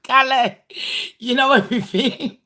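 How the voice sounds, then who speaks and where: A woman's voice: high-pitched, a little slow, sharp tone. A British woman hosting a casual livestream chat with viewers, talking bluntly, swearing and rambling. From Britain. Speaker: channel host.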